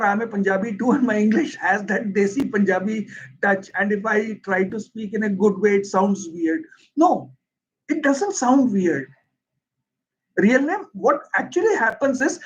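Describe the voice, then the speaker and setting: On a muffled recording, an English teacher with an Indian accent, a Hindi speaker, earnestly and emphatically takes viewer questions in a livestream lesson. He has a very high voice with a breathy edge.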